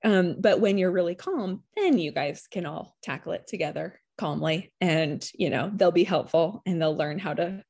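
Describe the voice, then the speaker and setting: A mother talks in a relaxed, meandering way, her voice sitting a little low. She leans on lots of fillers as she thinks out loud. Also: moderate pace, hardly any pauses, slightly rough. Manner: rambling, filler-heavy, reflective. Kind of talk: casual chat.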